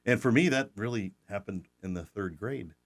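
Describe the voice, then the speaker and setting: Folksy host in his 60s, lowish voice, joking chat. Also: moderate pace. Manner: folksy, joking, restarts often. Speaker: podcast host. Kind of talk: casual podcast chat.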